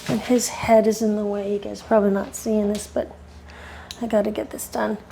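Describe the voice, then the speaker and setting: A woman's voice: medium pitch, little pitch movement, fairly quick, vocal fry, noisy background. A woman dog groomer talking viewers through a groom while she coaxes and firmly corrects the dog. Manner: coaxing and firm with a dog, chatty asides to viewers. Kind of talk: grooming tutorial talk. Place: grooming table indoors.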